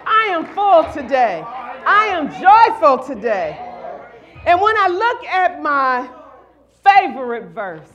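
High-voiced woman preaching a sermon. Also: very animated, slow, muffled recording, some chatter behind. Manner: call-and-response, rising to shouts.

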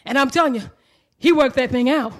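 A woman preaching a sermon with impassioned, rhythmic, repetitive phrasing. She swings from low murmurs to shouted cries. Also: brisk.

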